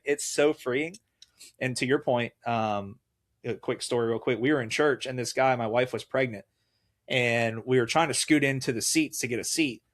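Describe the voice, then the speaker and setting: A middle-aged man, a guest on a faith talk show, telling personal stories with lively acted-out dialogue. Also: mid-range voice. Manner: animated storyteller, acts out quoted dialogue. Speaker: guest, mayoral candidate. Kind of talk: casual faith conversation.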